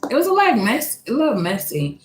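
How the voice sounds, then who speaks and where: A woman from Louisiana, telling a personal story in a casual, animated and profane way, laughing often. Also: on the high side, a little fast, a little hiss or hum. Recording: echoey room.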